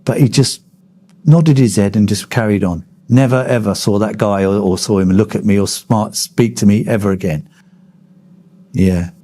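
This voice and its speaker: A man, telling his memories bluntly and swearing without hesitation. His voice sits low, mellow and husky. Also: normal speed. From Kent, England. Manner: blunt storytelling, swears freely. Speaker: interviewee, former miner. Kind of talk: oral history interview.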